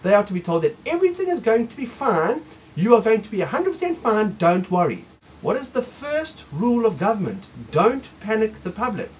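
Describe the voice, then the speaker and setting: A man's voice: sits high, big pitch swings, fairly quick, slight background noise, low-quality recording. A man hosting an opinion monologue, insistent and emphatic, repeating his points. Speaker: host.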